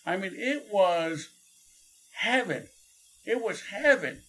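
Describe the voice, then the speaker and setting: Animated New man telling a story. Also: sits high, takes it slowly, slight background noise, rough recording. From New York City. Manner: animated and chatty, many fillers and laughs. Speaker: interview guest. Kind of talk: storytelling in a conversation.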